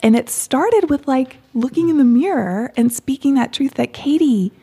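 A woman hosting a podcast in a heartfelt conversation, speaking gently and affirmingly and often dropping to a whisper. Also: high voice, animated, moderate pace, breathy edge. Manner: soft, often drops to a whisper. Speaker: podcast host.

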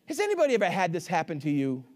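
A man preaching a sermon with fervor, swinging between shouts and hushed asides and calling on the congregation for amens. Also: high-pitched, wildly swooping pitch, very fast. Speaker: pastor.

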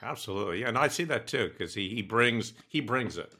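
Bright-voiced older man, enthusiastic. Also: fairly low pitch, expressive, fairly quick, husky. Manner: enthusiastic, laughs easily, restarts often. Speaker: co-host. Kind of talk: casual podcast chat.

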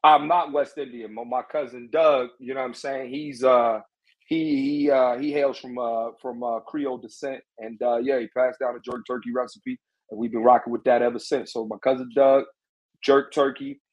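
A man appearing as a guest on a comedy podcast, talking in a halting way and often restarting his words. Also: medium pitch, fairly even intonation, highs cut off. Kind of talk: casual comedic banter.

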